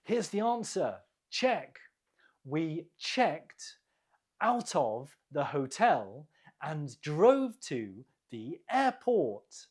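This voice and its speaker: An English teacher runs a quiz for learners at a very slow, careful pace, saying each word twice. The voice is husky, with a lively rise and fall of pitch. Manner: deliberate, repeats each word, explains stress.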